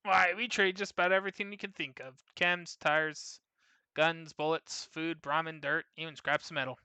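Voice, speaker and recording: A man's voice: on the high side, steady tone, normal speed, pushed and bright, clean tone, dry recording. A man reading aloud the lines of a boastful, folksy caravan trader. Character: gruff male caravan trader. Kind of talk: reading game dialogue aloud.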